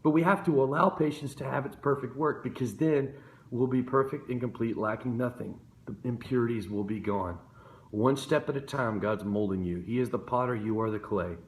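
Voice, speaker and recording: A man's voice: medium pitch, normal speed. A man preaching an impassioned devotional sermon, fervent and building to intense emotional peaks. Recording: echoey room, phone-captured video.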